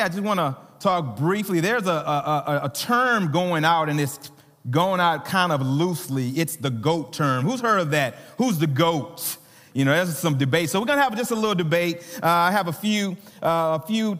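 A man with a high-leaning, slightly bright voice and a Southern American accent preaches as a visiting pastor in a church sanctuary, where a long reverb tail follows his words. He talks to the congregation conversationally and playfully, with plenty of fillers and restarts.

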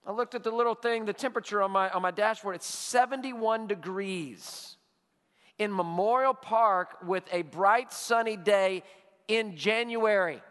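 A man preaching a sermon as pastor, telling stories with animation and dropping to a hush for emphasis. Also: sits high, unhurried, smooth, big-room sound. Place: church sanctuary.

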